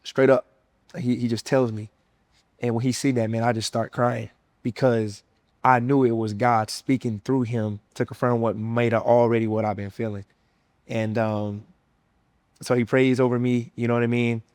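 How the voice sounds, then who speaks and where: A man's voice: medium pitch, level tone, normal speed, a little mellow, no echo. A young man with a Southern US accent, sharing his personal faith testimony in an earnest, emotional, casual way. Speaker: former college football player sharing his testimony.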